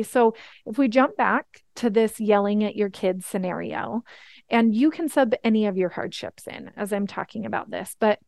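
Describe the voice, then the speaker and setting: A woman's voice: mid-range voice, vocal fry, darkish tone, no room sound. A woman in her thirties teaching a coaching webinar, earnest and encouraging, often checking in with "right?". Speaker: life coach.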